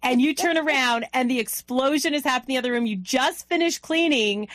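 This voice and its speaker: A woman co-hosting a casual chat, emphatic and quick to interject, slowing down to stress her points. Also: sits high, a bit bright, no echo. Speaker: podcast co-host.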